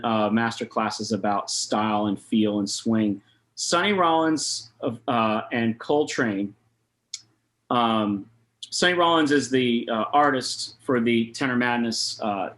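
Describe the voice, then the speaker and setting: A man in his thirties teaches jazz rhythm in an easygoing, chatty way over a video call, at a middle pitch. He talks loosely, with plenty of fillers, and scats rhythms aloud to show them. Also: a bit bright. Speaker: jazz saxophone clinician. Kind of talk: online master class talk.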